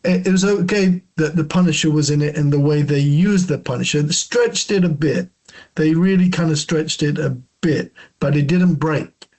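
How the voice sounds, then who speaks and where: A man guesting on a casual podcast, thoughtful and opinionated, with pauses and fillers. His voice sits a little high for a man. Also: darkish tone. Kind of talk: casual chat.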